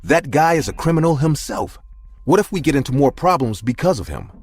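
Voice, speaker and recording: A man's voice: a little high, big pitch swings, a little fast, a little mellow, husky, pitched above the performer's own voice, exaggerated voice. A man voicing his own frightened ten-year-old self, speaking in an alarmed, pleading way. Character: scared ten-year-old boy, the narrator's younger self.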